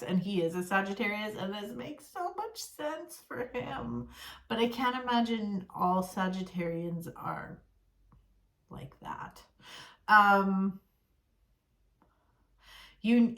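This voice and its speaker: Woman tarot reader, casual and blunt, exasperated tone, cursing, middle pitch, roomy echo. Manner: blunt, exasperated, swears freely. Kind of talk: casual tarot reading to camera.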